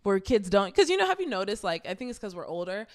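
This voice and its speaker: A young woman co-hosting a laid-back podcast, spinning workplace stories with lively energy. She is frank and outspoken, curses casually, and slips into the voices of the people she quotes. Her pitch sits in a middle register. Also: fast talker. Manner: animated storyteller who acts out quoted exchanges. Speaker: podcast co-host. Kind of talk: casual chat.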